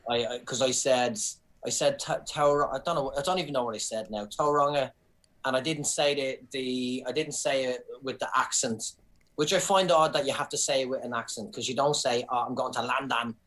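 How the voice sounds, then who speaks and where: A middle-aged Irish comedian telling stories in casual chat, animated and sweary, restarting his sentences often. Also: medium pitch, brisk, low-quality recording. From Ireland. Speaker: comedian guest.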